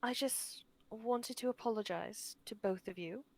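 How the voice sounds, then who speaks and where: A woman playing her tabletop character, a contrite woman who speaks softly and haltingly in an unhurried way. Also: fairly high pitch, vocal fry. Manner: soft, halting, apologetic speech. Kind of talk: in-character role-play in a tabletop game.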